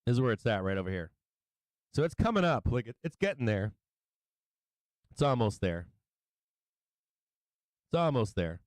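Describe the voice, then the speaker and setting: A man's voice: mid-range voice, very animated, normal speed, pauses often, darkish tone, no room sound. A middle-aged man hosting a casual stock market livestream, talking through charts, laughing often and swearing freely. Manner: laughing, sing-song chanting, swears freely. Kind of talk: casual live trading commentary.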